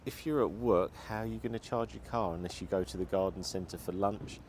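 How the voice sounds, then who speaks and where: A man's voice: low voice, fairly quick, darkish tone, slight background noise. A man venting his frustration while driving, talking and muttering to himself in a car vlog. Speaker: car vlogger.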